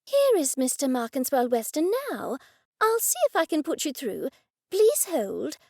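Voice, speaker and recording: A woman reading an audiobook, voicing a brisk, courteous office receptionist. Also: high-pitched, sing-song, gravelly, a little mellow, no room sound, clean studio sound, pitched above the performer's own voice, full character voice. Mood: polite.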